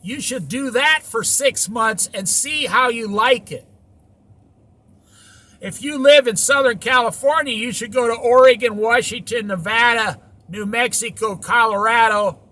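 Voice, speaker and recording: A man's voice: extremely high pitch, a little slow, bright, forceful tone. A man giving an opinionated, preachy monologue about living simply in a van, repeating points and firing rhetorical questions. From United States. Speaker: van-life vlogger.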